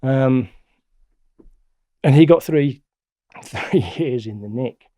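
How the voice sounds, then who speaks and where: A middle-aged man, a guest telling stories in a blunt, colloquial, animated way. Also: mid-range voice, takes it slowly, no room sound. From England. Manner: blunt, colloquial, animated retelling with acted-out quotes. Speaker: interview guest. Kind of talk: casual storytelling.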